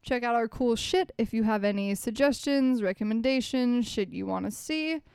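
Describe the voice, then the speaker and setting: A woman's voice: on the high side, normal speed, vocal fry, darkish tone, clean tone, no echo, clean studio sound. Playful swearing woman podcast host. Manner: playful, swears casually, laughs often. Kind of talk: casual true-crime podcast chat.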